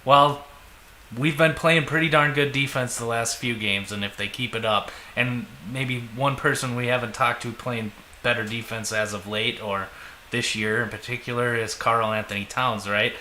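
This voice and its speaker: This is an easygoing man with a Minnesotan accent, chatting agreeably as a podcast co-host. His voice is bright. The room is echoey, with a faint background noise. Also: medium pitch, fairly even intonation, moderate pace. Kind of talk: casual chat.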